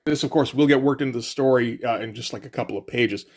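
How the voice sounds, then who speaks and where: A man talks through a comic book page by page in a loose, wry manner. He rambles and fills his pauses with "like" and "uh" without ever sounding rushed. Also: mid-range voice. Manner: wry, rambling, frequent fillers. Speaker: comic reviewer. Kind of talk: casual comic commentary.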